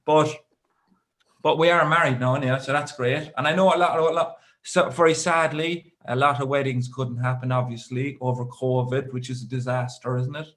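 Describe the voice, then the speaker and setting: An Irish comedian in his thirties spins a stand-up story in a loose, rambling way. His voice sits at an ordinary middle pitch, and he drops in dry, offhand asides as he goes. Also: steady tone, moderate pace, fairly bright tone.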